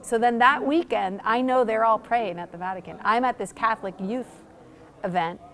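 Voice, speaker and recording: A woman pastor telling a story in conversation, animated and excited, acting out quoted lines, with frequent "like" fillers. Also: a little high, moderate pace. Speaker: pastor and church planter.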